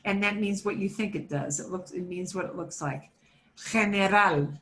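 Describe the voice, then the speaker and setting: An American woman teaching a beginners' Spanish class, slowly and patiently saying words for learners to repeat. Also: mid-range voice, a bit bright, echoey room, a little hiss or hum. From United States. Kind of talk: classroom pronunciation lesson.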